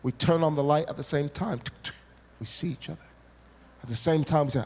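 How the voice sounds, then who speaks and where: High-voiced male preacher in a big hall. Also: brisk, husky. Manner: animated storytelling, acts out his own past words, bursts of shouting. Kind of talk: sermon testimony. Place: large church hall. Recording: long hall reverb.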